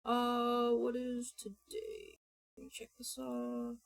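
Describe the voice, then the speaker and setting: A woman's voice: a little high, monotone, slow pace, creaky, faint music behind. A woman streamer in a casual live-stream chat, bubbly and chatty, greeting viewers by name.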